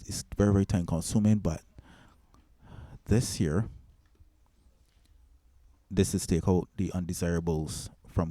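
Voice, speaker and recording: A man's voice: low-pitched, creaky, mellow, dry recording. A man hosting a casual mixing tutorial, rambling with restarts and filler words. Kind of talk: casual screen-recorded tutorial.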